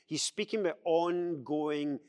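A man's voice: a little high, unhurried, clean tone. Give me a man leading a Bible study in a big echoing hall, bringing the verses to life. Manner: animated, acts out quoted speech in a raised voice.

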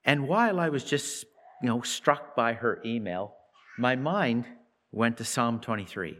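A man giving devotional Bible teaching, reading scripture with lifted emphasis and talking reflectively with halting repeats. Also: mid-range voice, expressive, fairly bright tone. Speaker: preacher.

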